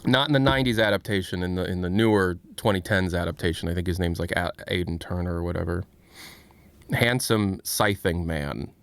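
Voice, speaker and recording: A man's voice: low-pitched, fairly even intonation, fast talker, hardly any pauses, fairly bright tone, clear, resonant tone. Frank, rambling American streamer man. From United States. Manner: rambling, self-interrupting, frank. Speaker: livestream host. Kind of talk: casual livestream commentary.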